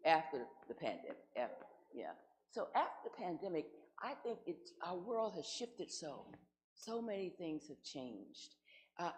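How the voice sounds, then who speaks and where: A woman's voice: low-pitched, darkish tone, poor audio. A woman guest minister giving a conversational sermon, posing rhetorical questions to her congregation.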